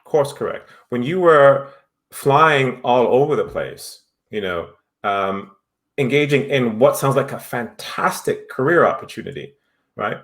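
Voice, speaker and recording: A man's voice: mid-range voice, expressive, a little slow, fairly bright tone. A man, a voice and acting teacher talking in a conversational interview, who keeps stressing his points and tagging them with "right?". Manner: emphatic, tags statements with "right?".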